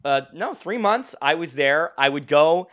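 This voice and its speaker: A man's voice: fairly high pitch, animated, measured pace, a bit bright. Rambling, laughing male podcast host. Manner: rambling storyteller, laughs often, restarts. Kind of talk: casual chat.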